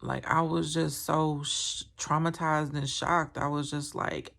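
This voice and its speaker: A woman's voice: deep voice, fairly even intonation, unhurried, gravelly, a bit bright. A woman telling a painful personal story to camera, candid and rambling, with many fillers and a strained, emotional tone. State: emotional, recounting trauma.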